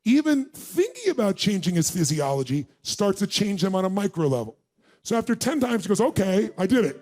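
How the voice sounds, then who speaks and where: A middle-aged man speaks from a stage as a motivational speaker, telling a story and quizzing the crowd. His voice sits high for a man, with faint music running under it. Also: big pitch swings, brisk, darkish tone. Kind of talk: stage talk to a live audience. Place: large event room.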